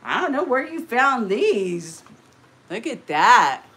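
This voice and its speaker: A woman hosting a casual live stream, chatting to viewers and gushing with excitement as she opens mail. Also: fairly high pitch, takes it slowly. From California. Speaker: channel host.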